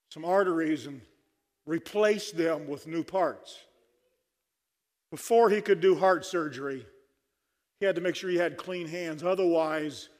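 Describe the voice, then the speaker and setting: A man preaching a sermon at a conference, fervent and dry-humored. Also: a little high. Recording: long hall reverb.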